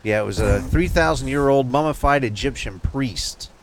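A man hosting a relaxed podcast, stumbling and repeating words as he reads a news piece aloud. A faint hiss sits behind his voice. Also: mid-range voice, moderate pace. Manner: hesitant, stammering, laughs often. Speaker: podcast host. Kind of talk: casual chat.

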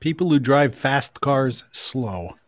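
A man's voice: medium pitch, lively intonation, slow pace, dry recording, studio quality. A man on a casual podcast chat, dropping wry, teasing quips.

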